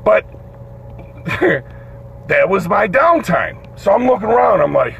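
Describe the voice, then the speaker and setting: Animated storytelling man, gravelly voice. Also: a little high, moderate pace. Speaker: host. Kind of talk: animated storytelling on a live show. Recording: dull lo-fi stream audio with faint noise.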